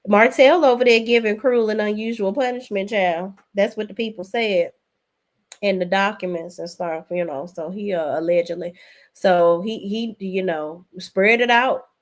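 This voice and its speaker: A woman in her thirties with a lilt hosts a casual live stream. She reads viewers' comments aloud and answers them in a chatty, gossipy way, with a voice at an ordinary middle pitch. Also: normal speed. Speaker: YouTube host reading live chat.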